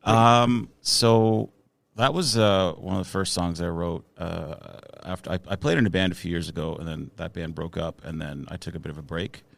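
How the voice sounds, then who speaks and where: Very deep gravelly-voiced man. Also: steady tone, moderate pace. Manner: hesitant, many fillers and restarts. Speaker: musician guest. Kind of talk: casual podcast interview.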